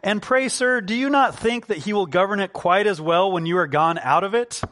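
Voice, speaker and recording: A man's voice: high voice, moderate pace, a bit bright, voice pushed up. A man voicing a humble, polite male servant from centuries past, asking courteous questions in a raised, lifted voice. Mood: politely probing.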